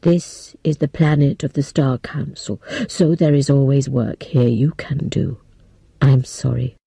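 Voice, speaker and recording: Female reader voicing solemn elderly president, dark gravelly tone, slow regretful delivery. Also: extremely low pitch, level tone, no room sound, voice pushed down, full character voice. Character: old male president, grave and apologetic.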